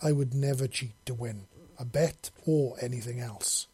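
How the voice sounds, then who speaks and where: A man voicing a gruff, stern old fisherman in a science-fiction audiobook, boastful and fond of calling people lassie. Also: medium pitch, moderate pace, dark tone, no room sound.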